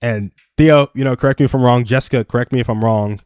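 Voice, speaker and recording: Young man, live stream host, earnest advice, self-deprecating stories, average pitch, dry close sound. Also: fast, darkish tone, clean tone, no echo. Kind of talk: casual advice chat.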